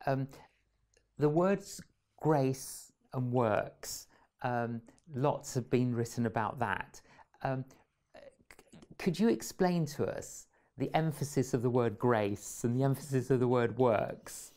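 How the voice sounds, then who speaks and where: A man's voice: mid-range voice, takes it slowly, a little mellow. A man hosting an interview, speaking hesitantly with frequent fillers while sharing and asking questions. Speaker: interview host. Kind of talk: interview chat.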